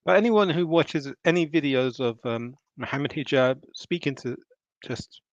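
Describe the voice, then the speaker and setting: With an animated, mid-range voice at normal speed, a man hosts a live stream, eating and reacting to a video. He's chatty, laughs often and stops to rewind, and the dull, lo-fi, dry mic recording has no echo.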